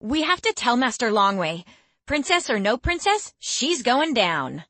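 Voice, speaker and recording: A woman doing a fiery, shrill teenage girlfriend. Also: sing-song, drawn-out words, a bit bright, slightly rough, no echo, exaggerated voice. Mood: threatening. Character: fiery, loyal teenage girl friend.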